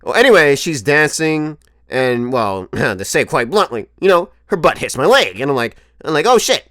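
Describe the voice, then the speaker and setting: Animated, profane young man telling stories. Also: a little high, normal speed, dry recording, studio quality. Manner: animated, profane, laughs often. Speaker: vlogger. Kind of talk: comedic storytelling monologue.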